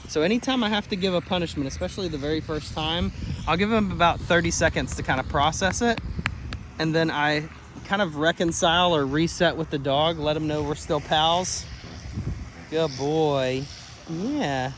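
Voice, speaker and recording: A man's voice: moderate pace, noisy background. Upbeat male dog trainer outdoors. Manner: upbeat, encouraging, praises dogs in a high sing-song voice. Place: outdoors beside a car.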